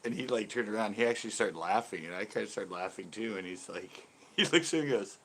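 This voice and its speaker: A man's voice: fairly low pitch, expressive, quick pace, fairly bright tone, slight background noise. A man hosting a casual live stream, telling rambling stories, laughing often and reacting to viewer comments. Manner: rambling storyteller who laughs often and reads viewer chat aloud. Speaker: fishing channel host.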